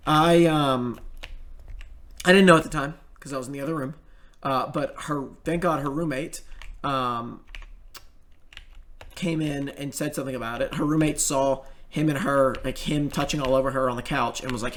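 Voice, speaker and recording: A man's voice: medium pitch, steady tone, normal speed, fairly bright tone, a little hiss or hum. A young man telling a story in casual commentary, rambling and swearing, with many fillers and restarts.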